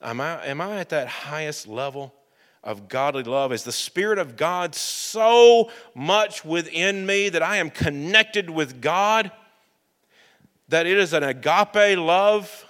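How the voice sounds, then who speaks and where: A man preaching a sermon in a church, in a slow, measured, reflective way. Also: a little high, animated, a bit bright. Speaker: pastor. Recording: long reverb of a church hall.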